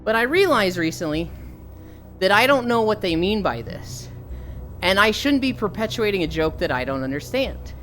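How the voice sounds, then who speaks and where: A woman's voice: mid-range voice, big pitch swings, normal speed, fairly bright tone, soft background music. A well-meaning male teacher speaks earnestly, plainly puzzled, as a woman reads him out close to her own voice. His tone is sincere and a little anxious. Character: puzzled middle-aged male math teacher.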